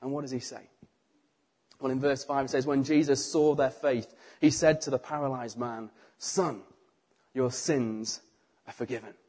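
Husky-voiced British man preaching. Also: mid-range voice, moderate pace. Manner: animated storytelling, acting out the crowd's voices. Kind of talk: sermon.

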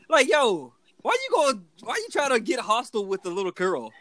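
A man's voice: extremely high pitch, sing-song, moderate pace, fairly bright tone, no room sound. A man hosting a casual podcast chat with friends, joking, laughing and cussing as he talks. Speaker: podcast host.

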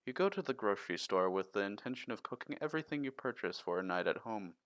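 A man co-hosting a casual podcast, reading long riddles aloud in a steady listing way. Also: lowish voice, quick pace, no room sound. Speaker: podcast co-host.

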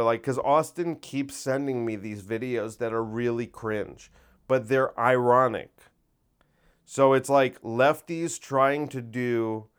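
Smooth-voiced rambling man. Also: medium pitch. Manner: rambling, distracted, self-interrupting, wry. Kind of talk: casual solo monologue.

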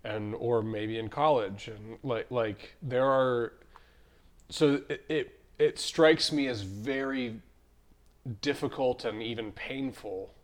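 A man's voice: mid-range voice, slow. A man hosting a podcast, reflecting thoughtfully and thinking aloud in casual chat. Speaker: podcast host.

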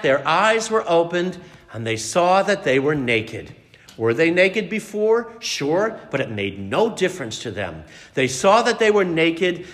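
A preacher with a fairly high, lively voice that rises and falls as he tells the story and quizzes his listeners. His words ring with a long reverb through the church. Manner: dramatic storytelling, asks the congregation questions. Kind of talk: sermon.

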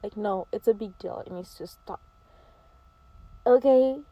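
Speaking at a measured pace in a medium-pitched voice, a teenage girl gives preachy, emphatic advice directly to camera in a casual monologue. She drifts into mocking quoted voices, and the sound is lo-fi.

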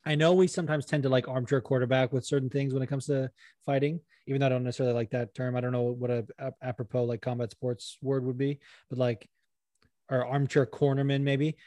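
Swearing, animated man talking fights. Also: mid-range voice, fast talker, no echo. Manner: animated, swears freely, many fillers. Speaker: podcast co-host. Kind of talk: casual sports chat.

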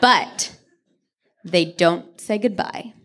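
A woman co-hosting a podcast live on stage, retelling a true ghost story with lively asides and quick character voices. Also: lowish voice. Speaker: podcast co-host. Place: on stage before a live audience.

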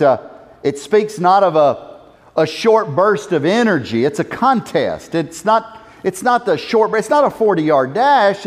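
Man preaching, impassioned, slow deliberate delivery, long church-hall reverb. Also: fairly high pitch. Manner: impassioned preaching, swelling to emphatic exhortations. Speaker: pastor. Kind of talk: sermon.

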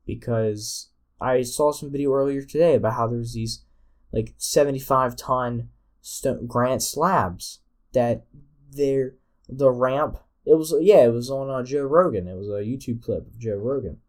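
A man's voice: medium pitch, measured pace. A man hosting a solo podcast, rambling and joking with many restarts. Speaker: podcast host.

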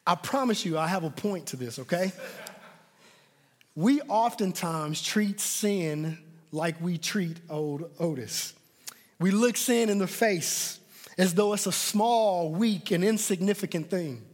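A man's voice: sits high, lively intonation, takes it slowly. A man preaching a sermon, emphatic, often repeating words as he presses his points. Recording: long hall reverb.

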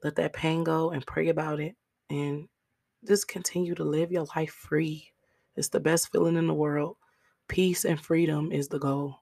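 A woman hosting a solo podcast in a raspy, hoarse voice, earnestly encouraging her listeners. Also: low-pitched, little pitch movement, moderate pace, darkish tone. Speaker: podcast host.

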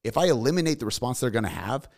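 Fast-talking gravelly podcast host. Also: male voice, medium pitch. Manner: animated storyteller who acts out quotes. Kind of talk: casual chat.

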